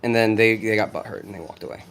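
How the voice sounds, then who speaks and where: A brash young American man talking casually into his phone, profane and excitable as he answers viewer questions. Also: on the low side, quick pace, a little hiss or hum. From United States. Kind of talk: casual vlog talk.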